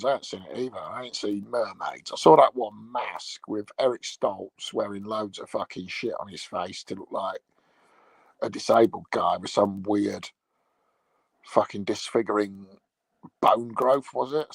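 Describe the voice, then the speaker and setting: Man, English accent, middle-aged, crude rambling chat, husky, dry close sound. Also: lowish voice, dry recording. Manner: crude, swearing, meandering. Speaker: livestream host. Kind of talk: rambling casual chat to viewers. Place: lying on a bed at home.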